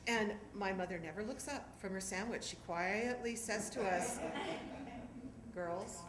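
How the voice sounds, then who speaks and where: A middle-aged woman from Southern California performing a one-woman stage monologue, animated and acting out voices. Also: mid-range voice, normal speed. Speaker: storyteller performer. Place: theatre stage. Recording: echoey theatre with background noise.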